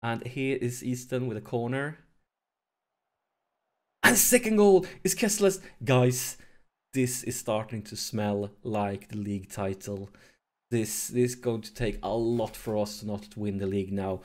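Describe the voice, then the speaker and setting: A man hosting a let's play, commentating his football management game, nervous and excited, keeping his voice down at home late in the evening. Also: lowish voice. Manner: excitable, nervous, talks to viewers; deliberately holds his voice down to avoid waking neighbors.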